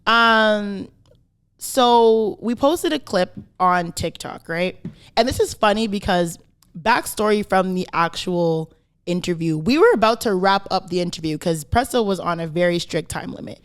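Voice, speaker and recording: A young woman talks through a podcast episode in a casual, emphatic way. She keeps checking in with her listeners and co-host, firming up each point as she goes. Her voice sits at an ordinary middle pitch. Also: measured pace, clean tone. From Canada. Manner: emphatic, tags points with "right?" and "okay?".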